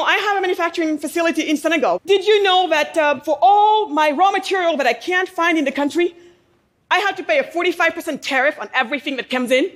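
A woman business owner giving a passionate speech to a live audience in a room. She fires rhetorical questions, prompts listeners to answer, and stresses her points with pauses. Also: sits high. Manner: emphatic, with pauses for effect.

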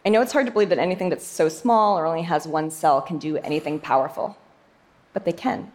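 A young woman scientist delivers a prepared talk in a fairly low voice. She speaks with lively emphasis and slips in playful asides. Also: fast.

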